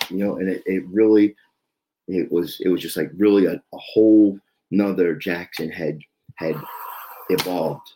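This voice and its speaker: A very deep-voiced man in his fifties from South Jersey tells his own story of addiction and recovery. He speaks haltingly, circling back with fillers and repeated words, over a faint hiss. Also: steady tone, dark tone, rough recording. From South Jersey, USA. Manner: halting, repetitive, many "you know" fillers. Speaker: podcast guest in recovery. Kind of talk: confessional personal storytelling.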